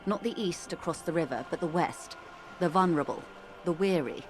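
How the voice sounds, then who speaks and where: Cast a woman as a measured, persuasive corporate negotiator for a game. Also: fairly low pitch, noisy background, lightly acted. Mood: calm, persuasive. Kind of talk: video game voice acting.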